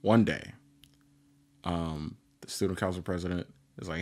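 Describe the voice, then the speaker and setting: A man's voice: low voice, fairly even intonation, moderate pace. A man casually recapping an anime on a podcast, rambling with lots of "like" and acting out the characters' lines. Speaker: podcast co-host.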